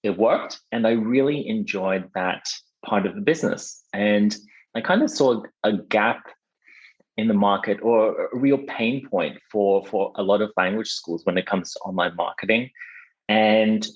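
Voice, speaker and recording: A man, a podcast guest answering interview questions in a relaxed way, with frequent laughs and fillers. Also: lowish voice, measured pace, muffled recording. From Australia. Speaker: podcast guest, marketing agency founder.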